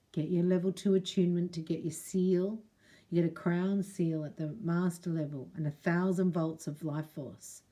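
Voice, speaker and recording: A middle-aged woman gives a spiritual reading to camera, her voice low and warm. She chats straight to the listener in a casual way and slips into prayers read aloud. Her tone stays mellow and soft-edged throughout. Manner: chatty, addresses the viewer directly, reads prayers aloud. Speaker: spiritual reader and Reiki teacher.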